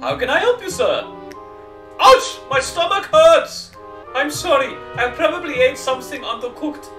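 A whiny townsman with a bellyache in a video game, squealing every line. The voice is very high and loud, and the mic sits far off in an echoey room. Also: lively intonation, normal speed, soft background music, heavily acted. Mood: pained. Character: squealing sick townsman with a stomach ache.

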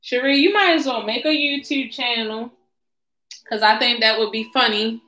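Chatty woman, bright voice. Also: fairly high pitch, normal speed, rough recording. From Baltimore. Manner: chatty, addresses viewers in slang. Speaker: livestream host. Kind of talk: casual live-stream chat.

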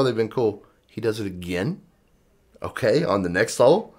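Male podcast co-host, low voice, loose storyteller who acts out quotes. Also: animated, moderate pace, darkish tone. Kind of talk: casual chat.

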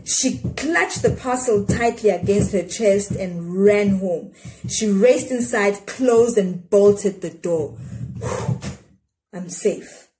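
A woman reading a children's storybook aloud in an expressive way, with dramatic pauses. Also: mid-range voice.

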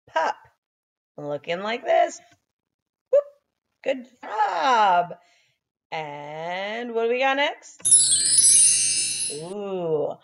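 Slow, low-voiced kindergarten teacher. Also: female voice, vocal fry. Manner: encouraging, sounds out letters slowly. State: sleepy, keeps yawning. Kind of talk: phonics lesson for young children.

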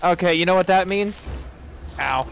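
A man's voice: high-pitched, moderate pace, fairly bright tone, a little hiss or hum, rough recording. A man casually chatting and giving his opinions while playing a co-op game, cursing when things go wrong. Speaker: gamer playing co-op. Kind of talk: casual co-op gameplay banter.

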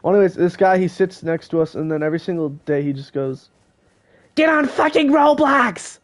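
A fast-talking teenage boy with a warm, somewhat high voice streams a game, chatting and kidding around with his friends on a call.

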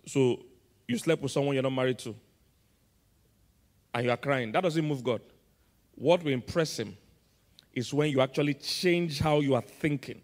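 A man's voice: mid-range voice, moderate pace, pauses often, darkish tone. A man with a Nigerian English accent, preaching a sermon and quizzing his congregation in call-and-response style. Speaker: pastor. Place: large church auditorium. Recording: long reverb of a large church hall.

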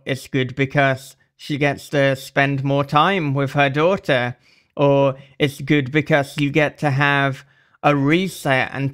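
Slow-talking podcast host man, smooth voice. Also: mid-range voice, a bit bright. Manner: thoughtful, laughs easily, many fillers. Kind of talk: casual interview chat.

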